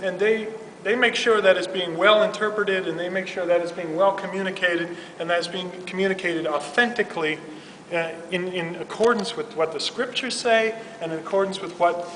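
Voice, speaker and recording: A man's voice: high voice, sharp tone, slight background noise. A man, a youth minister, giving a casual, humorous religious talk full of "like" and "you know". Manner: chatty, humorous, filler-heavy. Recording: roomy hall from far off.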